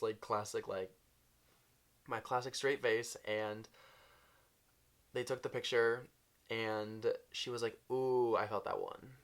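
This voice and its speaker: A man's voice: medium pitch, fairly bright tone. A young man telling a storytime vlog, bubbly and gushing, with "like" in nearly every line. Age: young adult. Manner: bubbly, gushing, says "like" constantly. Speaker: vlogger.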